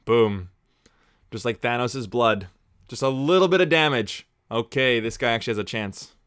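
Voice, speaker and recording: A man's voice: medium pitch, moderate pace, a bit bright, smooth, no echo. Young male reviewer, dry close sound, sarcastic casual banter. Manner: chatty, sarcastic, juvenile jokes. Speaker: movie review host. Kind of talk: casual watch-along chat.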